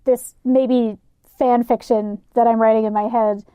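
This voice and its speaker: A woman's voice: fairly high pitch, flat delivery, unhurried, clean tone, no echo, narrow, tinny audio. Candid, profane woman podcast host. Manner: candid, profane, thinks aloud with many "like"s. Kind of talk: casual podcast chat.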